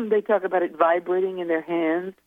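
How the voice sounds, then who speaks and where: A woman's voice: on the low side, moderate pace, no room sound. A woman guest author speaking casually in an interview, rambling and hesitant as she recalls things. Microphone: telephone. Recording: tinny phone line.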